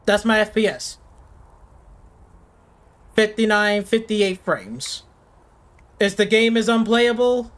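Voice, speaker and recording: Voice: medium pitch, takes it slowly, long pauses, a bit bright. A game streamer ranting in casual live commentary, swearing freely and sarcastic, faking panic and often repeating words. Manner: profane, sarcastic, mock panic.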